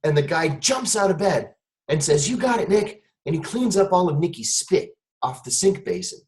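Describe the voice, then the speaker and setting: A former intelligence officer, appearing as an interview guest, tells a long personal story in a slightly high voice at a moderate pace. He's an animated storyteller who acts out the voices of the people he quotes. The recording quality is low.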